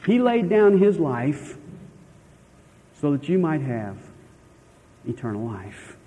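A man preaching in a church, his voice pitched a little high yet mellow and warm. He presses his points with drawn-out stressed words and questions to the listeners. His voice carries a long hall reverb. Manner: earnest, emphatic, stretches key words for stress; asks the listeners rhetorical questions. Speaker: pastor. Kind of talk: sermon.

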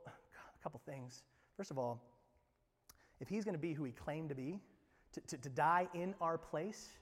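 A pastor preaching a sermon, swinging between loud emphatic lines and near-whispers, repeating words as he presses a point. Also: high-pitched. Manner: repeats words and restarts phrases when emphatic. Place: church sanctuary. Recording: long hall reverb from a church room.

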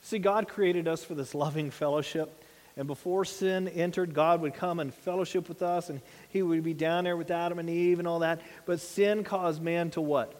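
A pastor in his thirties delivers a sermon earnestly and plainly, leaning on rhetorical questions. His slightly mellow voice is high for a man, with fairly even intonation and a moderate pace, and it rings out under a long reverb, as in a big hall.

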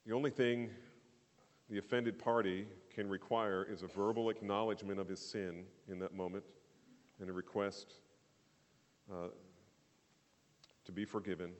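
Emphatic preacher in a reverberant hall. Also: male voice, on the low side, flat delivery, normal speed, pauses often. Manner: earnest, emphatic preaching with rising bursts and quiet asides. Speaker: pastor. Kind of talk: sermon.

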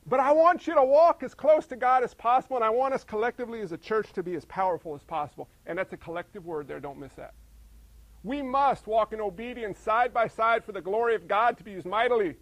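A male pastor preaching with a fairly high, gravelly voice that often crackles into fry. He fires off rhetorical questions and swings between loud emphasis and hushed asides. The sound is close and dry, with no room around it. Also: quick pace, dry recording. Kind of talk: sermon.

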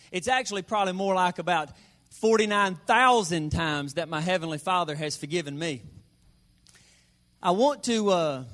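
A man delivers a sermon in a folksy, joking way. His voice sits high. He slows right down when he wants a number or a point to land. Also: a bit bright. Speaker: pastor.

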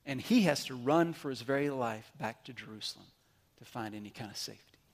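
A man preaching a sermon, animated, swinging between loud emphatic bursts and quiet asides. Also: mid-range voice, a little fast. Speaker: pastor.

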